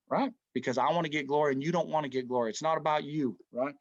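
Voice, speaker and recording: A man leading a casual Bible study, telling stories in an animated, conversational way and often saying "man". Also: on the high side, fast talker, dry recording. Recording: dull dry lo-fi recording.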